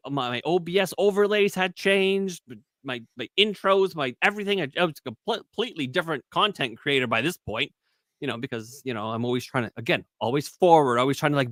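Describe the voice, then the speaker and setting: A man chatting casually as a guest on a live stream about making online content. He rambles, restarts often, and acts out other voices with sudden high jumps in pitch. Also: brisk, a bit bright, no echo.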